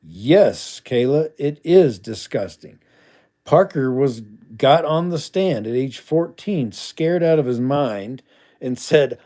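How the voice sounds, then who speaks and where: Blunt, mellow-voiced man chatting on a livestream. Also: mid-range voice, lively intonation, slow pace. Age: middle-aged. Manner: blunt, chatty, mumbles asides under his breath. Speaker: livestream host reading viewer comments. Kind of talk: casual livestream chat.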